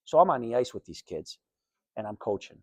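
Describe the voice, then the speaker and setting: A man giving a personal talk to high school students as a guest speaker, telling his story in a candid, plain, conversational way. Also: very animated, fairly quick, no room sound, studio quality. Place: school classroom.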